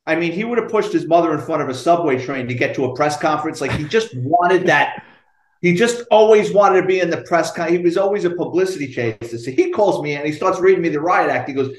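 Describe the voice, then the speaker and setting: A retired New York police detective, guesting on a podcast, tells stories in a lively, profane way and acts out everyone's quotes. His voice is a little high for a man and fairly quick. The room has a noticeable echo and there's a little hiss or hum.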